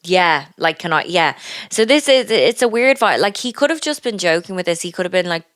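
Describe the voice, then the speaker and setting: A woman's voice: lowish voice, expressive, brisk, a bit bright, no room sound. A woman co-hosting a podcast, chatting casually with dry, sarcastic humour and ready laughter. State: new mother back from leave. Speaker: podcast co-host. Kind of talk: casual chat.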